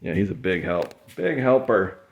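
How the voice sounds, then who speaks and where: A man's voice: sits low, moderate pace, gravelly, muffled recording. A man from the Midwest vlogging about his eBay reselling in a casual, rambling way, tired and sweating in an insulated garage. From American Midwest. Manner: relaxed, rambling, chatty with fillers. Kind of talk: casual vlog talk.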